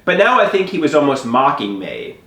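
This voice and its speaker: A man telling a personal story to the camera in an animated way, often stammering and restarting his sentences. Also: on the high side, brisk, roomy sound.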